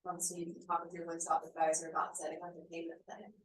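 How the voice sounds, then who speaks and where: A woman's voice: lowish voice, monotone, fast talker. A woman on the staff explaining fees and payment plans in a matter-of-fact way at an information session. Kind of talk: answering questions at an info session. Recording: echoey room, distant mic, faint hum.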